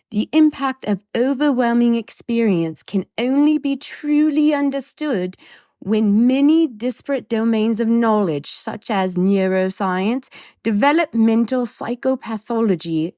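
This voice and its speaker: A woman's voice: a little high, warm tone, no room sound, clean studio sound, voice pushed up, close to an everyday voice. A woman putting on a lofty English professor. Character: stuffy male professor reading a formal endorsement.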